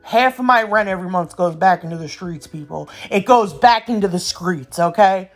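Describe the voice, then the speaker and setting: A woman's voice: on the low side, moderate pace, soft background music. Young woman, casual chatty vlog voiceover, ranting storyteller. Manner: rambling, ranting storyteller who says "y'all" and "yo". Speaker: nail art vlogger.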